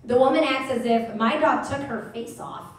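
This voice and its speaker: A woman's voice: high-pitched, normal speed. A woman performing a stand-up comedy set, telling stories in a brash, profane way on a live theater stage. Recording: echoey theater, mic at a distance.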